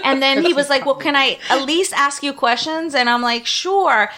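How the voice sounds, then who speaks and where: A woman co-hosting a podcast, telling a story in casual chat and acting out both sides of it with animated voices. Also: sits high, a little fast. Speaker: podcast co-host.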